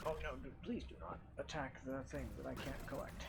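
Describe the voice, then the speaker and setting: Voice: medium pitch, fairly even intonation, brisk, gravelly, heavy background noise. A game streamer casually talking through their own live gameplay, swearing freely and reacting to what happens on screen. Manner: casual, profane, reacting to play.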